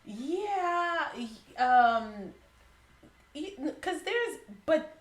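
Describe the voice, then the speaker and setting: A woman hosting a podcast interview, framing her questions haltingly with stammered restarts. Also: sits high, animated. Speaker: podcast host. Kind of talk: interview conversation. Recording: echoey room.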